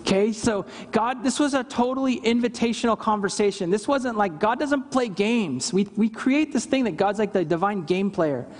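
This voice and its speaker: High-voiced pastor preaching in a church hall. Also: male voice, expressive, moderate pace, hardly any pauses. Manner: earnest, acts out scripture quotes with emphasis. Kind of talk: sermon. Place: church service.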